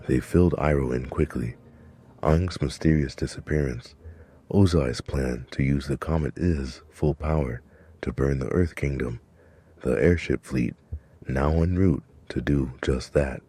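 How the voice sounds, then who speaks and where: Very deep, husky male narrator. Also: mellow, soft background music. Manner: measured, dramatic storytelling. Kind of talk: scripted narration.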